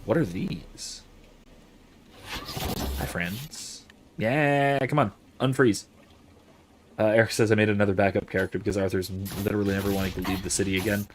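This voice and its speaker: Low-voiced man chatting over gameplay. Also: normal speed, long pauses, a little hiss or hum. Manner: chatty, reads chat aloud, muses over skills. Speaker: game streamer. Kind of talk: casual gameplay commentary.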